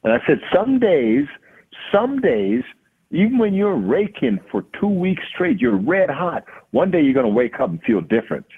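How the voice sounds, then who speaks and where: A man, a hitting coach and podcast guest, telling a lively story and acting out the dialogue. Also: fairly high pitch, normal speed, creaky, breathy edge. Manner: acts out quoted dialogue. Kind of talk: animated storytelling. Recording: tinny phone-like line.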